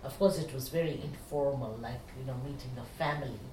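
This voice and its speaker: Animated woman, echoey room. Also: very deep voice, fast. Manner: animated, frequent "you know" fillers. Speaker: meditation teacher. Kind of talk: spiritual storytelling talk. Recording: echoey room, distant mic, faint hiss.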